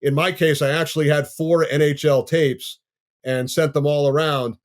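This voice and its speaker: Man in his fifties, sports broadcaster, from Long Island, measured storytelling, slightly high pitch. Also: fairly even intonation. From Long Island, New York. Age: 50s. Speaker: sports play-by-play broadcaster, guest. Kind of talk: podcast interview storytelling.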